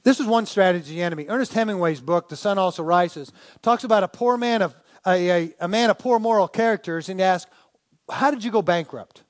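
High-voiced preaching man. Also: fast. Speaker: pastor. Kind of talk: sermon.

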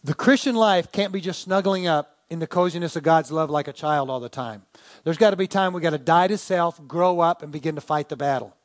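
High-voiced preaching man. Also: brisk. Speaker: pastor. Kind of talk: sermon.

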